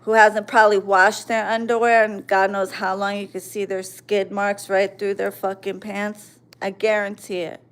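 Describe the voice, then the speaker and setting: A woman's voice: mid-range voice, little pitch movement, normal speed, few pauses, a bit bright, smooth. Profane woman in her forties ranting. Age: 40s. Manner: profane, confrontational, mocking. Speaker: livestream host. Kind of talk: angry ranting at commenters.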